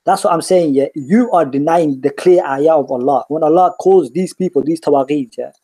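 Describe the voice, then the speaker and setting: Husky man, insistent. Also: a little high, moderate pace, warm tone. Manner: insistent, repeats points, tags "yeah?" often. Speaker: podcast host. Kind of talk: heated religious debate.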